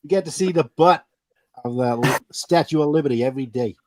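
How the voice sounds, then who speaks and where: A man's voice: a little high, a little fast, no echo. A man chatting casually, jokey and crude. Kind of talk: casual chat.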